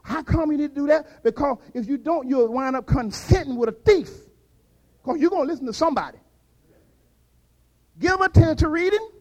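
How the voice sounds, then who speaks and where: An older man preaching a fervent sermon, dropping to quiet asides and rising to shouted peaks. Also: extremely high pitch, lively intonation, moderate pace, long pauses, rough recording.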